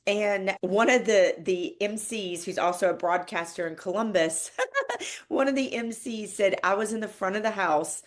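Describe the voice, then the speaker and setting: In a medium-pitched voice and at a moderate pace, a woman recounts a personal story on her podcast. The emotional monologue is heartfelt, and she laughs and tears up along the way.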